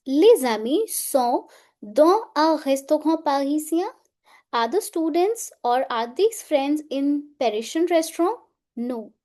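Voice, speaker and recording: A woman's voice: sits high, warm tone. A woman giving a beginner French lesson, patiently saying each word and then translating it. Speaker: French teacher.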